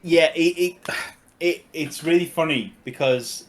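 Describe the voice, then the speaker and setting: A middle-aged man from Cumbria with a Cumbrian English accent, co-hosting a casual podcast chat and laughing often as he talks. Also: on the high side. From Cumbria, England. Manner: chatty, laughs often, quick bursts. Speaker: podcast co-host.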